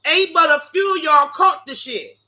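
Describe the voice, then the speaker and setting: Her high voice is bright and forceful, moving at normal speed, as this woman livestream host tells casual stories to her live chat. She's brash and profane, addressing viewers as "y'all."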